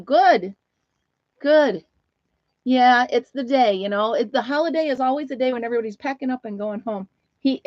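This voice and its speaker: A woman's voice: mid-range voice, no echo. Chatty woman on a dull home stream. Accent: Upstate New York. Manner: chatty, laughs often, talks to her dog and viewers. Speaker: livestream host. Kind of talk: casual live chat.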